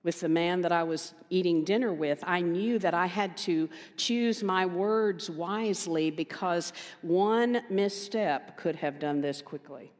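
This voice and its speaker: Woman minister, lower voice, storytelling sermon with lively quoted dialogue, long hall reverb. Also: a little slow, few pauses. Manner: storytelling, animated quoted voices, emphatic repetition. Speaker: guest minister. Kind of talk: conversational sermon.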